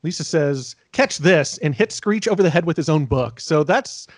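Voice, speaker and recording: A man's voice: on the high side, expressive, moderate pace, no echo, studio quality. A man co-hosting a podcast, chatting casually about a TV episode and slipping into goofy voices when he quotes the characters. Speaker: podcast co-host. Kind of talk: casual chat recapping a TV episode.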